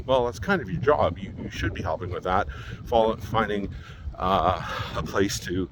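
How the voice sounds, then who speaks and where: Rambling man, lowish voice. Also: expressive, normal speed, background noise. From Manitoba, Canada. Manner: rambling, exasperated, acts out what others said. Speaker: vlogger. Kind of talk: casual storytelling.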